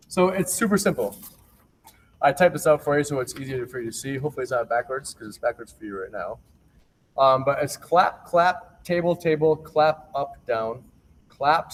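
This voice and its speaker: A young man teaching a remote PE lesson to young children, upbeat and reassuring as he counts out a rhythm game. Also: mid-range voice. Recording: distant laptop mic with faint noise.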